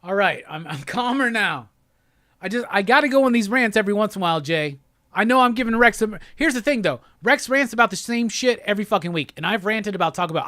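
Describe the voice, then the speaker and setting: A man's voice: high-pitched, fairly bright tone, no echo, clean studio sound. A man hosting a live pop-culture stream, ranting with lots of profanity and exasperation. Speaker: host.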